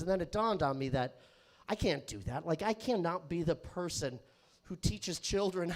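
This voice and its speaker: A male comedian with a high, wildly swinging voice doing a stand-up set. He rambles, swears, and sometimes bursts into shouting on a handheld mic in a comedy club. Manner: crude, rambling, self-interrupting.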